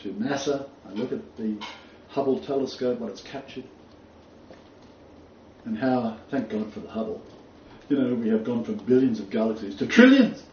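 A man preaching a sermon, quoting scripture emphatically and rising on key phrases. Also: medium pitch. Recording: roomy, distant, dull, faint noise.

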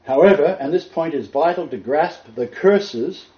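A man's voice: a little high, animated, normal speed. Emphatic male preacher, roomy lo-fi sound. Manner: emphatic, repeats key points. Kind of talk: sermon with scripture reading. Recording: roomy, dull lo-fi recording.

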